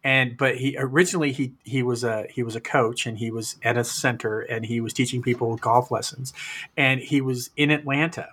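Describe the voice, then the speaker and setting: Bright-voiced man telling a story. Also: mid-range voice, fairly even intonation, normal speed, breathy edge. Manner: rambling anecdote, many restarts. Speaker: podcast co-host. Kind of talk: casual storytelling.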